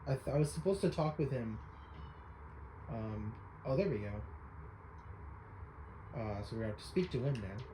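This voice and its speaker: A man's voice: medium pitch, lively intonation, moderate pace, pauses often, background noise. Laid-back man narrating his gameplay. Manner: offhand, loose, with fillers. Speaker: game streamer. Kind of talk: casual let's-play commentary.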